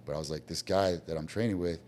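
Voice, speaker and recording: A man's voice: deep voice, fast talker, a little hiss or hum. A man telling his business story bluntly in casual talk, acting out the voices of people he quotes. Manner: blunt, animated, acts out quoted dialogue. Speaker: guest business owner.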